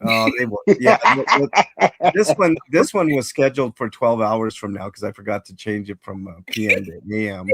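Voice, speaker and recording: A man's voice: on the low side, moderate pace, no echo, clean studio sound. A man hosting a casual livestream, rambling and greeting chat viewers by name. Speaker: livestream host.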